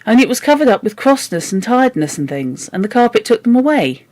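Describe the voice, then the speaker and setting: A woman's voice: a little high, very animated, fast, darkish tone, no room sound, pitched above the performer's own voice. A woman reading the part of a polite young girl who speaks soothingly and earnestly.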